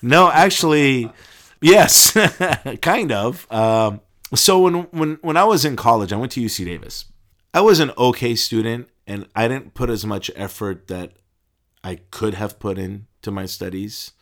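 A middle-aged man, an interview guest who is a deacon and pharmacist, telling stories casually, laughing and stumbling, his pitch jumping up when he gets excited. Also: measured pace.

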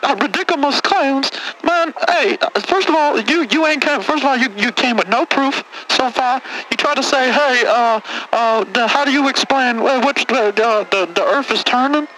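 A man's voice: very high voice, moderate pace, hardly any pauses, bright, forceful tone, a little hiss or hum, low-quality recording. A man putting on a combative, swearing conspiracy-theorist caller for a comedy call-in bit. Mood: indignant. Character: brash loud-mouthed male conspiracy caller.

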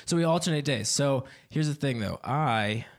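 A man's voice: medium pitch, lively intonation, normal speed. A young man doing a stand-up comedy set on a club stage, swearing freely and laughing at his own jokes.

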